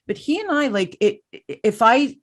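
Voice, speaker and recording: A middle-aged woman hosting a conversational interview, talking in an energetic, animated way and telling stories about herself. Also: fairly high pitch, a little slow. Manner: energetic, animated, self-deprecating storyteller. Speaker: podcast host.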